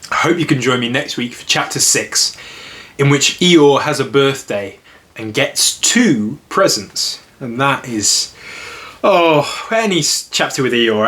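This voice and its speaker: In an unhurried, gentle style, a mid-range-voiced man reads from a storybook and then talks it over casually, laughing easily along the way.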